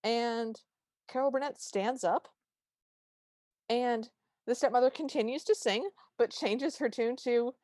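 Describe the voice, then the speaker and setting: Recapping an episode in casual chat, this podcast co-host tells the story animatedly and performs the quotes. She speaks a little slowly with long pauses, in a slightly high voice. The studio sound is clean and echo-free.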